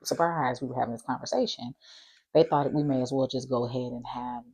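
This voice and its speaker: Husky low-voiced woman telling a story. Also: fairly quick. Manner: chatty, animated retelling with laughs and mimicked voices. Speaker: vlogger. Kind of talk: casual storytelling to camera.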